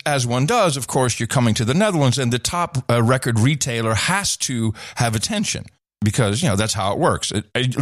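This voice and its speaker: A man's voice: medium pitch, dry recording, studio quality. Rambling middle-aged man telling stories. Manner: rambling, with many restarts and laughs. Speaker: podcast host and former radio/TV host. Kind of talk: casual chat, anecdote telling.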